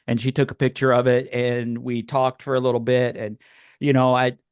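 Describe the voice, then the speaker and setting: A man's voice: medium pitch, level tone, normal speed, smooth, no room sound, clean studio sound. Emotional middle-aged male podcast co-host. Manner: emotional, rambling storyteller. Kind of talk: casual chat.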